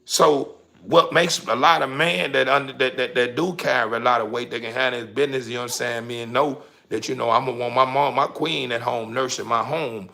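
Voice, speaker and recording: A man's voice: mid-range voice, fairly even intonation, brisk, gravelly, bright, forceful tone. A man, delivering a heated, preachy monologue to his audience. He curses freely and stumbles over repeated words. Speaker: vlogger. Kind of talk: casual monologue.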